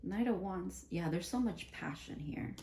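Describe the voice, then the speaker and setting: A woman talks through a tarot reading in a casual, chatty way, giggling and thinking out loud as each card comes up. Her voice sits a little low for a woman, and she often restarts her sentences mid-thought. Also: lively intonation, unhurried, background noise. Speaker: tarot reader.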